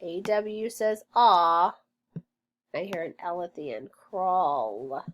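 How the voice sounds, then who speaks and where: Slow, deliberate woman phonics teacher. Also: on the low side, slight background noise. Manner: encouraging, sounds out words slowly. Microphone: online lesson recording.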